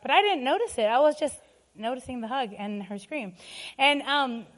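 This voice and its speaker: A woman's voice: sits high, animated, normal speed. A middle-aged woman preaching a sermon, telling personal stories emphatically and laughing often.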